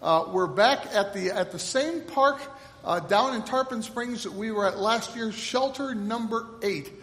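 A man's voice: high-pitched, unhurried, fairly bright tone. Man, pastor, solemn liturgical cadence, echoey church hall with long reverb. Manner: solemn liturgical cadence with call and response prompts. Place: church sanctuary.

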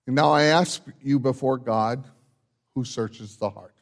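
A man serving as pastor, giving church announcements and then leading a confession and absolution in a measured, solemn way. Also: mid-range voice, creaky. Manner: measured, solemn liturgical delivery with lively rises.

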